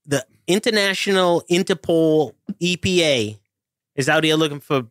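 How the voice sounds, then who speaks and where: A man voicing a blunt, unbothered male oil-rig foreman, who swears freely and gives deadpan one-word answers. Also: on the high side, moderate pace, no room sound, clean studio sound, close to an everyday voice.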